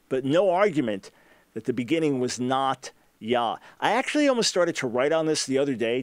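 Male talk host, mid-range pitch, emphatic scholarly explainer, dry close recording. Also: no room sound. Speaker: radio talk show host. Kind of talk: answering a listener's question.

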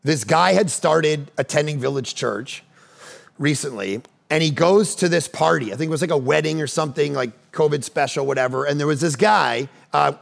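A man preaching a sermon as pastor, swinging from loud urgent appeals to quiet teaching. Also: a little high, moderate pace, creaky. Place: church stage.

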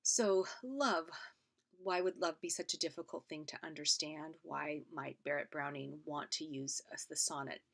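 A woman lectures in a low, gravelly voice. She explains step by step and often checks in with her listeners. Now and then her voice drops to a soft, airy murmur. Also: moderate pace. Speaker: literature teacher. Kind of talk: recorded lecture.

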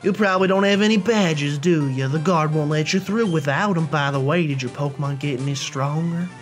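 A man's voice: fairly high pitch, fairly quick, faint music behind, natural voice. A man doing a drawling Southern rival. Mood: taunting. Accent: put-on Southern US. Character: cocky young male rival trainer.

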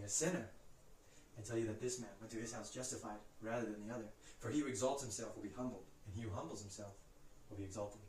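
A man reciting Bible passages from memory in a brisk, steady way, lifting his voice for the quoted cries. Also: mid-range voice, roomy sound, recorded from a distance, a little hiss or hum, low-quality recording. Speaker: Scripture reciter.

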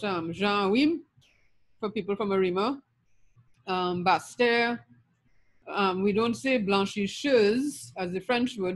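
A middle-aged woman from Trinidad with a Trinidadian accent, giving a recorded linguistics lecture and listing terms steadily with frequent ums. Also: medium pitch.

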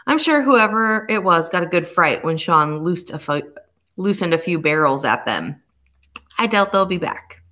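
A woman reading the part of a stern male police inspector who speaks slowly and grimly. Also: lowish voice, expressive, bright, forceful tone. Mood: placating. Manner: slow, measured and grim.

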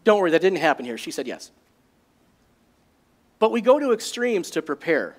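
A man preaching a sermon as a pastor, in a jokey and animated way. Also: high voice, normal speed.

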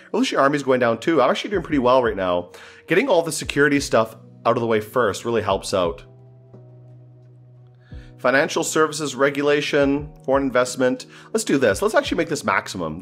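A man's voice: medium pitch, a bit bright. A man thinking aloud as he plays a strategy game, often exasperated and swearing. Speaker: gameplay commentator. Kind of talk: casual gameplay commentary.

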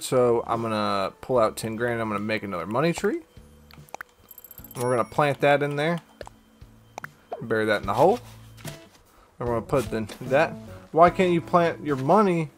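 Faint music plays behind a young man's animated, mid-range voice as he talks fairly quickly. He's a gaming streamer, chatting casually with viewers during a live stream, reading their messages as he plays in an upbeat, slangy way.

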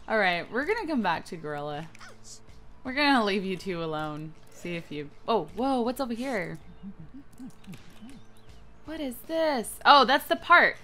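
Young woman, excitable let's-play commentary, bright voice, unhurried pace, animated pitch. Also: faint music behind. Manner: excitable, playful, bursts into squeals and giggles. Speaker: gaming channel host.

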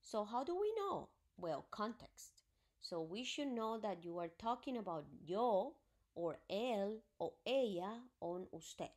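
A woman speaks at an unhurried, deliberate pace as she teaches a recorded grammar lesson. She walks through each point patiently, one example at a time, at a pitch that sits in the ordinary middle range. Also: very animated, a little mellow. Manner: patient, explains step by step with examples. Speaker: Spanish teacher.

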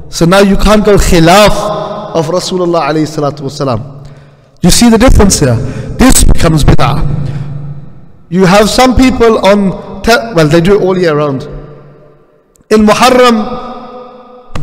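A man teaching a hadith lesson in a mosque, often asking the congregation questions and mixing in Urdu and Arabic terms. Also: sits high. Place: mosque prayer hall. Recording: long hall reverb.

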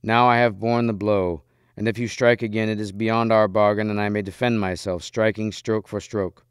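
A brave young knight speaking with earnest resolve, as a man reading a storybook aloud plays him. The voice is lowish, smooth and clear, recorded close and dry. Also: flat delivery, normal speed, no echo, natural voice. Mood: resolute.

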